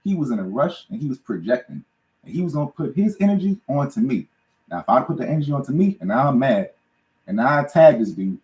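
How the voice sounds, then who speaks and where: A man's voice: mid-range voice, sing-song, fast talker, a little mellow. Guy on a podcast telling stories, laughs a bunch, echoey room. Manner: laughs often, keeps asking "you know what I'm saying". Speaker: podcast host. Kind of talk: casual storytelling on a live podcast. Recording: roomy echo.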